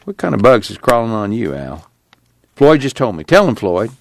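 A man voicing an eager young man who talks in an excited, hurried manner. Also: mid-range voice, creaky, no echo, pitched below the performer's own voice.

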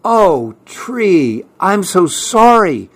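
A man's voice: a little high, very animated, slow pace, pitched above the performer's own voice. A man voicing an anxious, caring little male woodland animal in a storybook, pleading earnestly. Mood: tender.

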